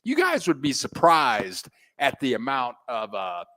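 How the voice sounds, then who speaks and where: A man hosting a casual live stream, greeting viewers by name with playful, folksy shout-outs. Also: medium pitch, sing-song, measured pace. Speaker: host of a live stream about living abroad. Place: home in a Mexican city.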